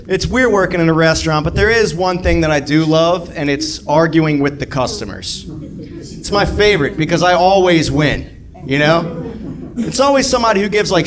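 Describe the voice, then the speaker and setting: A man doing a sardonic stand-up set, building to loud rants. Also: fairly high pitch, noisy background. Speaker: stand-up comedian. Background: laughing audience.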